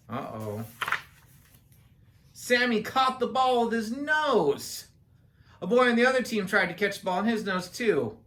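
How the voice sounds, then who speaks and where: A woman's voice: mid-range voice, very animated, moderate pace, fairly bright tone. A woman reads a children's picture book aloud and breaks off for playful, chatty asides to young listeners. Her voice sits in a middle range and moves up and down a lot. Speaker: children's story reader.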